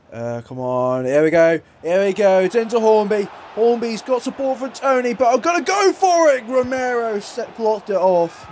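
A young man calls his football game match with a high, bright voice. He swings from hushed muttering to sudden excited shouts, with a little faint room noise behind him. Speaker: gaming YouTuber.

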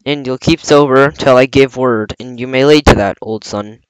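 A man's voice: medium pitch, normal speed, clean tone, dry recording, lightly acted, poor audio. A man reading aloud, voicing a scheming older pirate cook with a coaxing, blustering sailor manner.

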